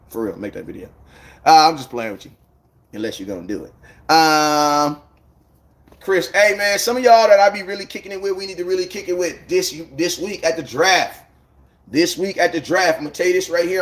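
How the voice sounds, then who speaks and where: Loose-talking man on a live stream. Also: fairly high pitch. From United States. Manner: loose, rambling slang, shouting out viewers by name. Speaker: livestreamer chatting with viewers. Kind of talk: casual live-stream chat.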